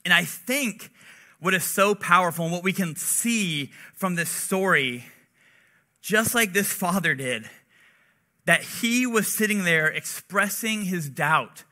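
Bright, high-voiced young preacher man. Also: lively intonation, takes it slowly. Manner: chatty, relatable, heavy use of "like". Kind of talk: casual conversational sermon.

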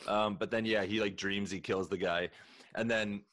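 Lowish man recapping a comedy film. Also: steady tone, normal speed, fairly bright tone, dry recording, studio quality. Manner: retells scenes, acting out lines with laughs. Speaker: podcast co-host. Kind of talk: casual movie recap chat.

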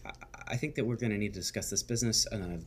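A man narrating as game master of a tabletop game, talking in halting bursts full of fillers and restarts. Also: lowish voice, breathy edge.

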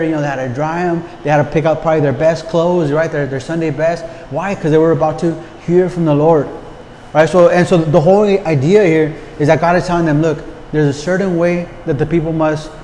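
With a fairly high pitch and a darkish tone, this pastor preaches in a relaxed, conversational style, repeating words and posing rhetorical questions to the congregation. Faint noise and long hall reverb surround the recording.

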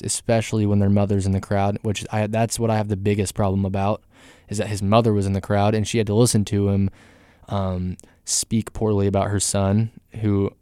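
Male podcast host, low flat delivery, smooth and resonant, rambling casual talk. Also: dry recording, studio quality. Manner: rambling, filler-heavy, candid opinions. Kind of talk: casual solo music news podcast.

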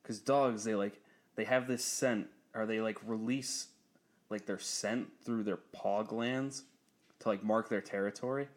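A young man tells a long, profanity-laced story in relaxed, casual conversation, his voice fairly low and his pace unhurried. He laughs often, and whenever he quotes someone he gets animated and his voice jumps upward.

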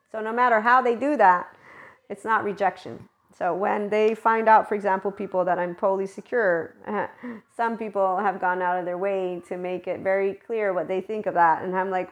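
Woman, spiritual monologue, animated, emphatic, middle pitch. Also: normal speed. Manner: animated, emphatic, acts out quoted voices. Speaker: spiritual vlogger.

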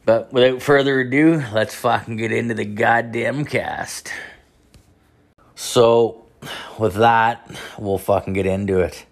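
A man's voice: mid-range voice, slow. A man telling a story in a casual monologue, swearing constantly and rambling with lots of filler words. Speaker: podcast host.

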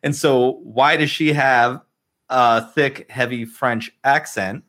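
A male podcast host leads a casual group discussion in a mid-pitched voice. He gushes freely and fills his sentences with "like.". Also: fairly even intonation, takes it slowly, a bit bright. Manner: gushing, with many "like" fillers.

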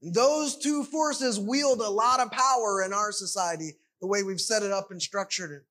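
A man's voice: high-pitched, moderate pace, pushed and bright. A man preaching a sermon, emphatic and full of rhetorical questions.

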